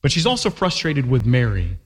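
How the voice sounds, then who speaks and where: A man's voice: mid-range voice, huge pitch swings, brisk, slightly rough. A man preaching a sermon as pastor, emphatic and fond of rhetorical questions, with a long echo from a large hall.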